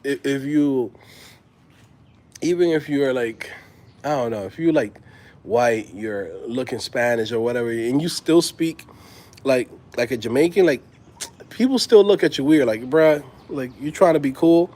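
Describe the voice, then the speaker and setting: A man's voice: mid-range voice, unhurried, pauses often, a little mellow. A man in his thirties hosting a loose, slangy casual chat and laughing often. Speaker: host.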